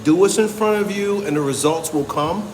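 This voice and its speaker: A blunt, emphatic man talks casually about training with a fairly high voice. He keeps tossing in "right?" and swears without hesitation. His voice rings with a long echo over a faint background hiss. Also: a little fast, darkish tone. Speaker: strength coach. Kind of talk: casual motivational talk to camera.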